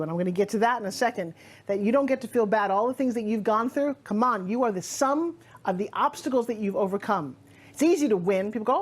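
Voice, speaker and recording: Energetic motivational woman speaker. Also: medium pitch, fast talker. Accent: New York. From Long Island, New York. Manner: energetic, emphatic, conversational. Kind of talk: motivational talk.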